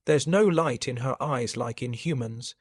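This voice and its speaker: A wary old woman from the neighborhood, voiced by a male narrator, speaking softly with a tremble. Her voice is hushed and cautious. The recording is dry and close. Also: medium pitch, measured pace, dry recording, lightly acted. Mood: warning. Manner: trembling, soft warning voice.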